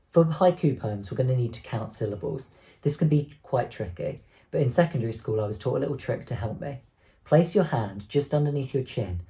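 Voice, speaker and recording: A young male teacher giving an online lesson to children, explaining step by step in a clear, encouraging way. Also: mid-range voice, a little mellow, no room sound. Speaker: primary school teacher.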